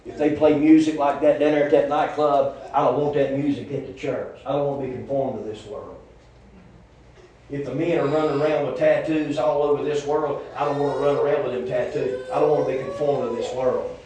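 A man's voice: mid-range voice, fairly even intonation, fairly quick, dark tone, a little hiss or hum. A male pastor, preaching a sermon in a folksy, rambling way that restarts often. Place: church sanctuary. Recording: echoey church room.

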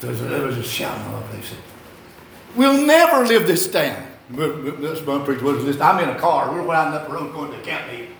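A man's voice: mid-range voice, racing, vocal fry, fairly bright tone, slight background noise. An older man preaching a sermon, telling folksy, rambling stories and repeating his phrases. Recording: echoey hall.

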